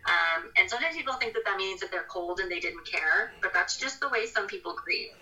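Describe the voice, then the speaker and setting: A woman's voice: medium pitch, animated, a little fast, bright, forceful tone, distant mic, low-quality recording. A woman in casual chat, speaking bluntly and opinionatedly, swearing freely.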